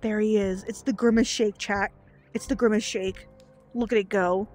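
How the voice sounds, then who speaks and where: A young woman livestreaming a horror game to chat, jumpy and excitable, laughing and gasping as she pleads with her friends. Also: medium pitch, normal speed, soft background music. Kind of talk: live gameplay commentary to chat.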